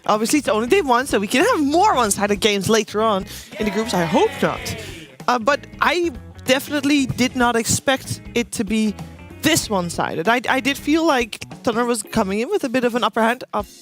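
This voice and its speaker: A woman hosting an esports studio show, teasing her panel and steering them along. Her pitch moves a lot, and there is faint music behind her. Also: expressive, fairly quick.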